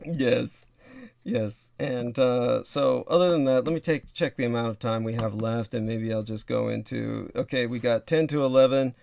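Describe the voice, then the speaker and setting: Man, livestream host, gravelly, dry close sound, rambling with fillers. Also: medium pitch, normal speed, a little mellow, dry recording. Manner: rambling with many fillers and laughs. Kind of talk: casual livestream chat.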